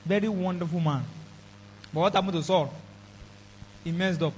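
A man's voice: sits high, normal speed, slight background noise, rough recording. A man preaching a sermon with emphatic delivery, throwing call-and-response questions to the congregation. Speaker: pastor.

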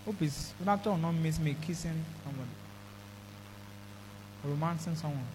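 Preacher, male, high voice, emphatic sermon delivery with call-and-response, faint background hum. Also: normal speed. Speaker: pastor.

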